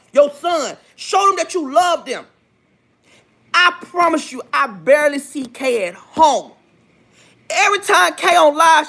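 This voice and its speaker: A woman speaking on a gossip livestream with a noticeably high voice. She lectures her viewers in a preachy, insistent way and circles back to repeat each point for emphasis. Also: fairly bright tone. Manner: preachy, repetitive, emphatic, asks for amens. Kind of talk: livestream commentary.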